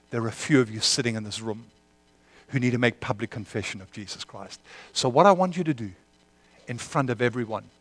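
A man's voice: mid-range voice, dry recording. Fervent male preacher, dry close sound. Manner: impassioned, rising to fervent prayer then quiet appeal. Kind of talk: sermon with prayer and altar call.

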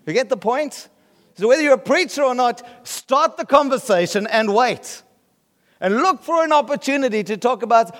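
A man's voice: very high voice, expressive, normal speed, a bit bright, long reverb tail. A man from South Africa with a South African accent, preaching a sermon in a conversational way and often checking that the listeners follow. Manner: conversational, often asks the room if they get the point. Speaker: pastor.

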